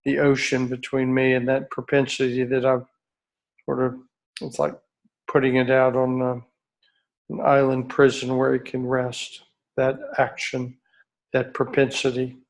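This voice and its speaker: A middle-aged man talks to a retreat group in a slow, earnest and reflective way. His pitch stays level and even, and he often stops to restart a sentence as he searches for the right phrase. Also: rough recording. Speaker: retreat leader. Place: outdoor retreat by a beach.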